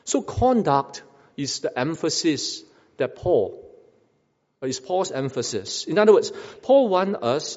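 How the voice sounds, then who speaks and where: Man preaching with lively emphasis. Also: fairly high pitch, in a large hall, highs cut off. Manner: emphatic, rhetorical questions, repeats phrases. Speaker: pastor. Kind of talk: sermon.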